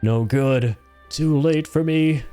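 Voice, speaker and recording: A man voicing a stubborn old warrior grandfather from a video game, with gruff, defiant delivery. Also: fairly high pitch, slow pace, warm tone, soft background music. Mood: dying.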